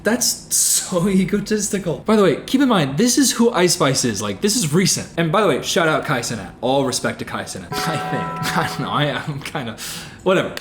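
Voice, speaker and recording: Sarcastic man with a higher voice. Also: sing-song, moderate pace, soft background music. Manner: sarcastic, laughs often mid-sentence. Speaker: commentary YouTuber. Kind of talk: casual commentary.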